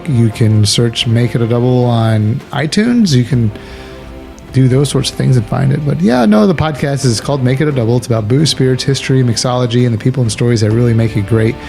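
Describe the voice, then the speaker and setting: Gravelly, laughing man in casual chat. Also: medium pitch, moderate pace, darkish tone, faint music behind. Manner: laughs often, rambling and self-correcting. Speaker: podcast co-host.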